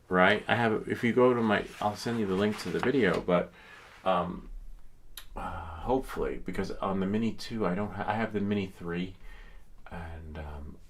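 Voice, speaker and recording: Low, gravelly man rambling on a stream. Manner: rambling, trails off and restarts, many ums. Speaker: channel host answering viewer questions. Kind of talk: casual livestream chat.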